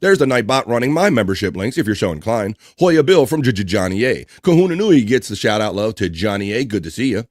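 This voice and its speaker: A man hosting a livestream, chattily reading out chat messages and shout-outs with quick asides. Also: on the low side, lively intonation, dry recording, clean studio sound. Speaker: livestream host.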